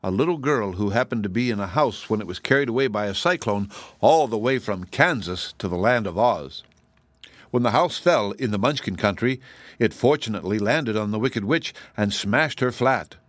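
A dutiful tin emperor speaks formally and seriously in a low male register, as a male reader voices him. The reading is close and dry. It stays near the reader's own voice. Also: animated, moderate pace, no echo. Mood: telling. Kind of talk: audiobook character reading.

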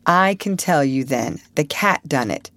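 A woman's voice: low-pitched, expressive, unhurried, fairly bright tone, no room sound, full character voice. A woman voicing a weary, terse young farmer who answers curtly.

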